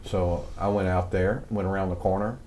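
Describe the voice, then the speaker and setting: A man's voice: deep voice, fairly even intonation, normal speed, a little mellow. An older man with a Southern accent, telling rambling stories in a casual studio interview, full of fillers and restarts. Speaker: guest, wrestling music composer.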